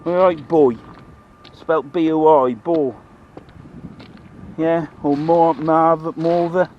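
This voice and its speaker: A man's voice: fairly high pitch, steady tone, very slow, highs cut off, a little hiss or hum. A man with a Norfolk accent, chatting casually to camera while fishing outdoors, rambling in broad dialect. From Norfolk, England. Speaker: fishing vlogger. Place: outdoors by the water.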